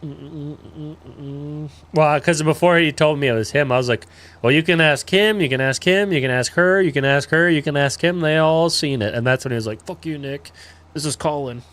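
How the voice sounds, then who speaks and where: A man's voice: on the high side, fairly quick, a bit bright, clear, resonant tone. A man in his twenties, a livestreamer telling a crude story in laid-back, rambling casual chat full of fillers.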